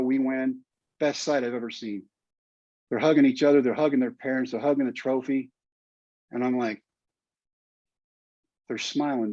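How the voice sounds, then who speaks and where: A man's voice: medium pitch, a little mellow, no echo. An older man with a Texan drawl tells a story with earnest feeling. His voice sits in a middle register, and the sound is dull and lo-fi with a dry, close feel. He speaks as a podcast guest recalling what moved him. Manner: emotional, earnest storytelling with quoted asides. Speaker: guest, former pitcher and teacher.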